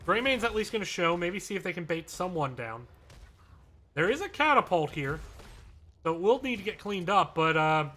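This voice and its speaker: Bright-voiced male esports caster. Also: high voice, very animated. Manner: brisk, chatty, with asides. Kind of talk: live play-by-play commentary.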